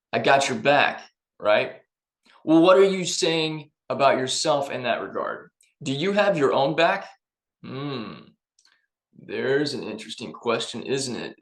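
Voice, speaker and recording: An emphatic man gives a motivational talk straight to his listeners in a friendly, conversational tone. His voice sits a little high, and the room around him rings with noticeable echo. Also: a bit bright. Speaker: personal development vlogger.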